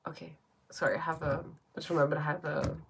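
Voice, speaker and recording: A woman life coach in casual livestream chat, talking fast and thinking aloud as she answers viewers. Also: low voice, flat delivery, a little hiss or hum.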